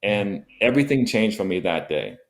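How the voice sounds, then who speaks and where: A man's voice: on the low side, sing-song, moderate pace. A middle-aged man, a missionary guest, telling an emotional personal story in a podcast interview, earnest and often repeating himself.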